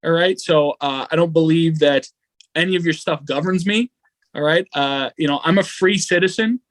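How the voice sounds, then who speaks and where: A man's voice: a little high, normal speed, no room sound. A man co-hosting a podcast, telling stories in casual banter and acting out quotes with frequent laughter. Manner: laughing, animated storytelling with acted-out quotes. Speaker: podcast co-host.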